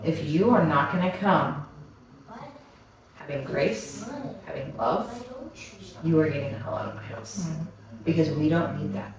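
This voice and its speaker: Slow-talking woman in an echoey room. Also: low voice, a crowd in the background. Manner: emphatic, talks of family and home. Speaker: podcast host. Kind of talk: casual chat. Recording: echoey room, far from the mic.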